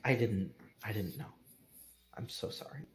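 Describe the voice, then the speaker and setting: A man voicing a meek, remorseful young man who keeps stammering soft apologies in a tabletop game. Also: mid-range voice, brisk, gravelly, noisy background, pitched below the performer's own voice, lightly acted. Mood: apologetic.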